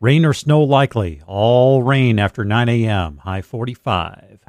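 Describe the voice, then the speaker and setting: A man's voice: mid-range voice, measured pace, a little mellow, no echo. A man working as a radio show producer, laid-back, chiming in and reading the weather plainly. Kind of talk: casual radio talk. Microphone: studio mic.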